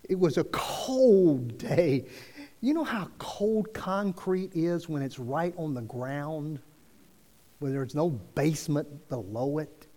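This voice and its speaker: A man tells a personal story from the pulpit, casual and conversational, with frequent restarts as he acts out each exchange. His voice sits a little high for a man. It rings out with a long hall reverb. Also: animated, slow pace, warm tone. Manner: conversational, quotes dialogue with restarts. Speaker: preacher telling a story. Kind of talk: sermon storytelling.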